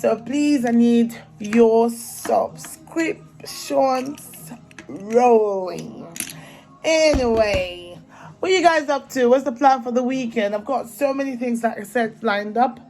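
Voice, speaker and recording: A woman's voice: on the high side, moderate pace, a little mellow, soft background music, poor audio. A young woman from Africa with an African accent, chatting casually and animatedly to her vlog viewers and laughing often. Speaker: vlogger.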